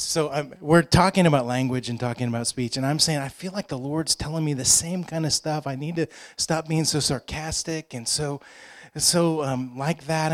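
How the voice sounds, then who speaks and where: Higher-voiced male pastor, conversational sermon. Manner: conversational, joking asides, repeats phrases for emphasis.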